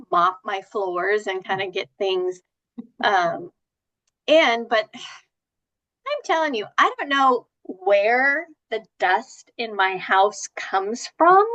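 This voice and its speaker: A woman co-hosting a motivational podcast, chatting and telling everyday stories in an animated way. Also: a little high, low-quality recording. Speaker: podcast co-host. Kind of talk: casual chat.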